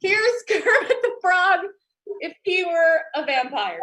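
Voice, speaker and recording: A woman's voice: very high-pitched, sing-song, measured pace, a bit bright. A woman comedian doing a giggly, self-deprecating stand-up set over a video call.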